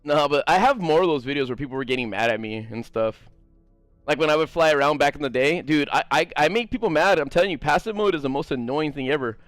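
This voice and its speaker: A male gaming streamer with a high voice tells a rambling story in a loose, profane way, often stopping to talk to his viewers. His voice sounds close and dry, with faint music in the background. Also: no echo. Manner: animated, profane, fast-rambling. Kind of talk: casual storytelling stream chat.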